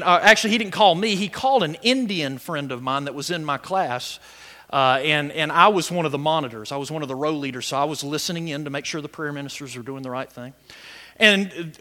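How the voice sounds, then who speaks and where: A man preaching a sermon to his congregation, animated and building to shouts, with quick laughs and stammered restarts. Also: fairly high pitch. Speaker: pastor.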